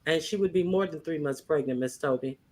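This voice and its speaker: A woman's voice: low voice, brisk, mellow. A woman hosting a casual livestream panel chat, teasing her guests and laughing often. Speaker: livestream host.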